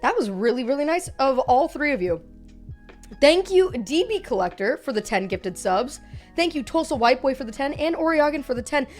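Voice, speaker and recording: A young woman streamer chatting casually with her viewers, animated, playful and swearing, her voice a bit worn. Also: high-pitched, normal speed, soft background music. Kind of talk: casual live-stream chat.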